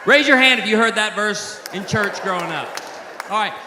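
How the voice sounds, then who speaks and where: A man in his forties giving a humorous sermon to a live audience, telling animated, joking stories in a large hall. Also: high-pitched, normal speed, a crowd in the background, background noise. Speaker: pastor and speaker. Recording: echoey live hall with faint ambience.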